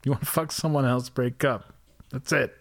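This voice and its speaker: A man's voice: medium pitch, fairly even intonation, moderate pace, no echo, studio quality. A man co-hosting a casual comedy podcast, ranting with profanity and sarcasm. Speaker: podcast co-host.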